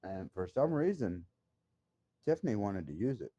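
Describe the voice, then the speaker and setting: Agitated low-voiced man, dull lo-fi sound. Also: very animated, normal speed, dark tone, no echo. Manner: agitated, emphatic storytelling with profanity. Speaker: vlogger. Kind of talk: casual personal monologue to viewers.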